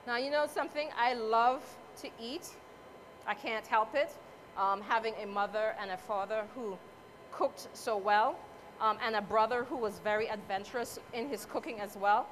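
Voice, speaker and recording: High chatty woman cooking before a crowd. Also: moderate pace, slight background noise. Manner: chatty, motherly, playful asides. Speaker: cooking competitor. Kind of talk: live cooking demonstration to an audience. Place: cooking competition event space.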